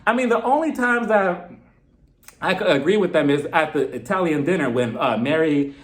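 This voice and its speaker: High-voiced man ranting about reality TV. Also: moderate pace. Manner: animated, blunt, swears freely, mimics the cast in put-on voices. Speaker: reality TV reviewer. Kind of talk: casual commentary.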